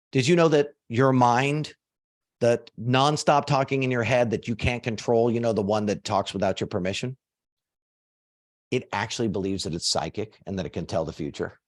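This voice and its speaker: A man teaching a motivational lesson in a conversational, emphatic way, with casual swearing. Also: mid-range voice.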